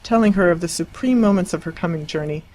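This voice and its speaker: An audiobook narrator reading a classic novel in a measured, even storytelling voice. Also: mid-range voice, low-quality recording. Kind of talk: scripted narration.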